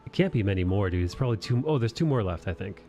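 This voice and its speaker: A man with a low voice hosts a laid-back live stream chat, swearing freely and laughing at his own stories. Faint music plays behind him. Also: expressive, fast, warm tone. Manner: crude, profane and laughing easily. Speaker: host of an art live stream. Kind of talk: casual chat.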